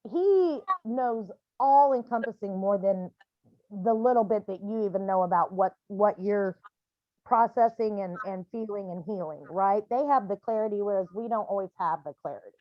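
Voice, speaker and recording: Woman, medium, grief support call, animated storyteller, high-ish voice, muffled video-call audio. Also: no echo. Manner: animated, acts out scenes in other voices. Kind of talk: casual video call counselling.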